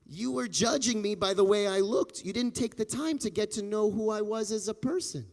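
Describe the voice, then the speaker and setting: Gentle humble rabbi, soft-spoken, hesitant, high voice, echoey hall, put on by a man telling a story. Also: moderate pace.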